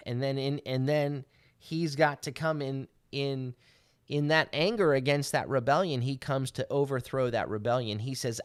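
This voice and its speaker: A man's voice: mid-range voice, fairly even intonation, normal speed, clear, resonant tone, dry recording, clean studio sound. A man teaching as a rabbi, explaining scripture verse by verse, often asking "right?" and rising to emphatic exhortation. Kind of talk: sermon teaching.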